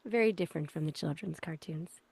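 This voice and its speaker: A woman voice actor talking casually as a podcast guest, bubbly and quick to laugh. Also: low-pitched, creaky, darkish tone, husky, no room sound. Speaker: voice actress guest. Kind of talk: casual interview chat.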